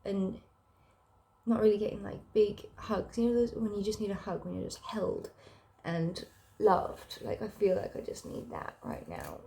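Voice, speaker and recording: A young woman vlogging casually, sick and low, rambling with lots of fillers and sighs. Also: animated, normal speed, vocal fry, warm tone. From South Africa. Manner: emotional, rambling, sighing, many fillers. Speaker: book vlogger. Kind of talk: casual personal vlog.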